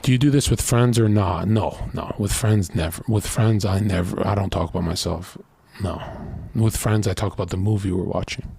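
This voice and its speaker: A man's voice: on the low side, normal speed, creaky, darkish tone, husky. Brash, crude man in his late twenties. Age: late 20s. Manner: brash, rambling, crude and boastful, acts out other voices. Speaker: streamer giving dating advice. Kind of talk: casual monologue.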